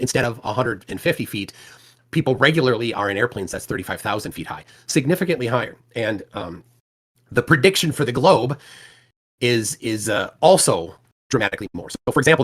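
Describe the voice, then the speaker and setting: A man hosting a livestream, talking in a casual, halting way with many restarts and fillers. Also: medium pitch, a bit bright, husky. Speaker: livestream host.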